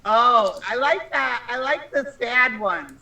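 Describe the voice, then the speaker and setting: A woman's voice: fairly high pitch, expressive, slow pace, creaky, crowd noise, rough recording. A woman guest on a podcast, chatting in a wry, enthusiastic way. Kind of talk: casual podcast chat.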